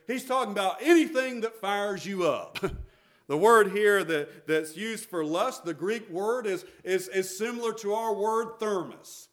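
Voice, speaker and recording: A man's voice: sits high, a bit bright. A middle-aged man, preaching a sermon as pastor, emphatic and repetitive.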